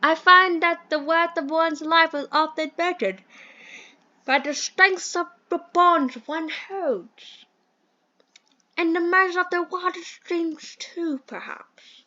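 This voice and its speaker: A woman puts on a grandly pompous British gentleman from a phone dating game, all flowery speeches and fussy manners. The voice is high and bright, and it comes through a muffled, low-fi mic. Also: slow pace, exaggerated voice. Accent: put-on British. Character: fussy old-fashioned British gentleman, a phone box employer. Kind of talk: voicing a dating sim playthrough.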